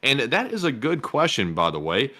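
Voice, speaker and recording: A man's voice: mid-range voice, wildly swooping pitch, normal speed, sharp tone. A man co-hosting a livestream who reads viewers' messages aloud and chats in an upbeat, casual way. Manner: upbeat, chatty, talks about merch plans. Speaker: co-host reading super chats.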